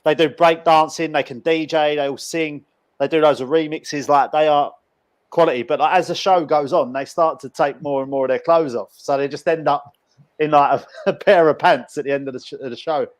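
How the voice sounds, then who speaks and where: A man hosting a podcast chat, his voice sitting a little high. He rambles through anecdotes with plenty of ums and restarts. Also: steady tone, brisk. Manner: rambling storyteller, many fillers and restarts. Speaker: podcast host. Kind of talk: casual chat.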